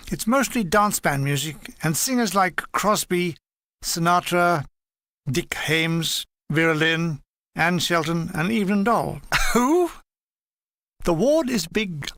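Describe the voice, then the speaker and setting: High-voiced man reading a wry memoir. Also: a bit bright, dry recording. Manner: dry comic timing, shifting voices for dialogue. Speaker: audiobook reader.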